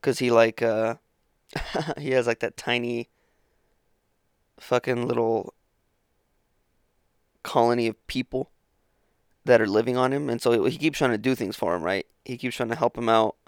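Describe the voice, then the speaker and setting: A man's voice: mid-range voice, measured pace, pauses often, clean tone, no room sound, clean studio sound. A man hosting his own podcast, talking alone in a rambling, profane, self-interrupting way, sleepy and yawning in the morning. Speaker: podcast host. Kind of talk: casual solo podcast monologue.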